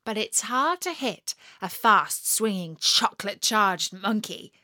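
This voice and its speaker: A woman narrating a children's story in a lively, expressive way, slowing for emphasis. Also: medium pitch, dry recording, studio quality.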